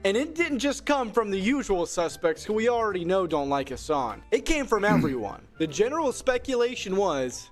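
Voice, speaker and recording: A man narrating a commentary video from a script, sarcastic and theatrical. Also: fairly high pitch. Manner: sarcastic, theatrical, with sudden shouts.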